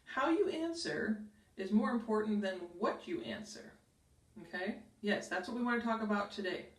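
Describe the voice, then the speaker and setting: A woman's voice: medium pitch, sing-song, normal speed. A middle-aged woman hosting a career advice video, explaining in an upbeat, emphatic way straight to the camera. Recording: roomy echo, mic at a distance.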